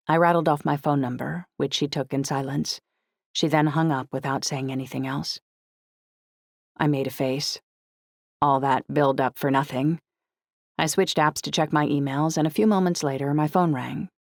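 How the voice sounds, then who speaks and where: Narrator reading a novel in first person, reflective, gravelly, super dry close mic. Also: mid-range voice, moderate pace, dry recording. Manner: reflective, even storytelling. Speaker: audiobook narrator.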